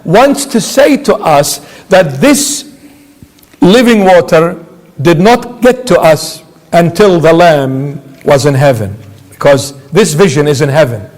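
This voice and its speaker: A man's voice: on the high side, lively intonation, slow pace, a little mellow, big-room sound. A man preaching a sermon as a bishop, emphatic, asking rhetorical questions and answering them himself.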